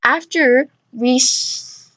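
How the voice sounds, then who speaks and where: A teenage girl hosting a student radio show, reading slowly and tripping over the words, with self-mocking asides. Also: sits high, noisy background. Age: teens. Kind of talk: reading a script in mock Shakespearean English, with bloopers.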